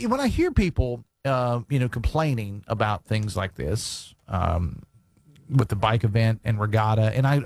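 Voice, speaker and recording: A man's voice: medium pitch, darkish tone, no room sound. A man hosting a call-in radio talk show, chatting casually and reading listener texts with lots of fillers. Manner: conversational, reads listener texts, many fillers. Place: radio studio. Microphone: studio broadcast mic.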